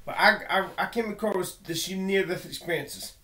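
A man's voice: sits high, moderate pace, bright, forceful tone, reverberant. A man giving an earnest personal monologue, emphatic and full of repeated words and restarts. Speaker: video blogger.

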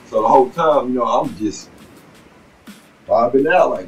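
A man telling a personal story in a casual, rambling monologue full of profanity and "you know what I'm saying." He swings between loud bursts and low muttering. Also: brisk. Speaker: vlogger telling a life story. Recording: distant mic with faint background noise.

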